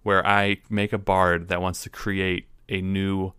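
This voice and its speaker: A man's voice: low voice, little pitch movement, a little slow, sharp tone, clear, resonant tone, no echo, clean studio sound. A man hosting a casual tabletop role-playing podcast, bantering playfully with his co-host.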